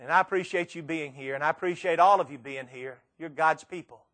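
Middle-aged man, high-pitched, emphatic sermon storyteller who leans on pauses and repetition. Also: fairly bright tone. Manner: emphatic storytelling with dramatic pauses and repeated phrases. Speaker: preacher.

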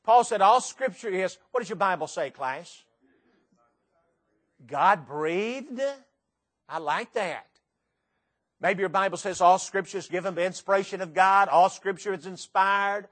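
Male preacher, high voice, dramatic sermon, questions the room. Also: measured pace, pauses often. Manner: dramatic recitation with sudden loud and soft swings; rhetorical questions to the congregation.

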